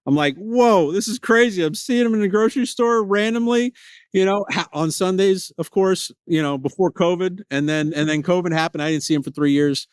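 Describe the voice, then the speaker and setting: High-voiced animated man hosting a podcast. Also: brisk, clean tone, dry recording. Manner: animated, repetitive restarts, excited storytelling. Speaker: podcast host. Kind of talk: solo podcast storytelling.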